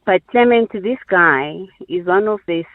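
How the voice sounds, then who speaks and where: A woman's voice: lowish voice, expressive, a little slow, no room sound. A woman calling in to a radio show, speaking in an effusive, heartfelt way. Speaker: caller. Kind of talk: phone-in call to a radio show. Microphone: telephone. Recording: tinny phone line.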